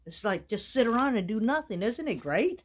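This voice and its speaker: A woman's voice: fairly high pitch, big pitch swings, normal speed. A woman, vlogging in a casual, rambling way with many fillers from a small wooden shack in the winter woods. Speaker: outdoor vlogger. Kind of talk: casual chat to camera.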